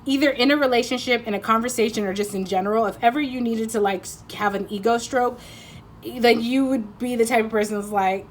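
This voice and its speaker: A woman's voice: on the high side, a little fast, slight background noise. A woman giving a casual pick-a-card tarot reading, rambling and teasing, often breaking into laughter.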